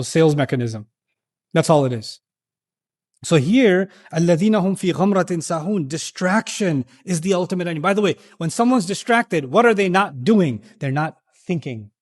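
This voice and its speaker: A man giving an animated lecture on Quran verses to a live audience, asking rhetorical questions and acting out the voices he quotes. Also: high voice. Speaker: Islamic lecturer.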